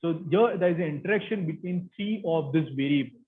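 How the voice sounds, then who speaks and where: A man's voice: a little high, a little fast. A man with an Indian English accent giving an academic lecture as guest speaker, explaining steadily with frequent fillers. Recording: tinny phone-like line.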